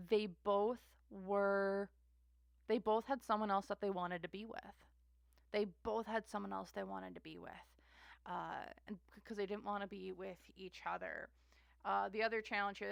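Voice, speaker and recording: Gravelly-voiced woman doing a tarot reading. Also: medium pitch, no echo. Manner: rambling, repeats herself, frequent fillers and trailing-off sentences. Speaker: tarot reader. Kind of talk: casual tarot reading monologue.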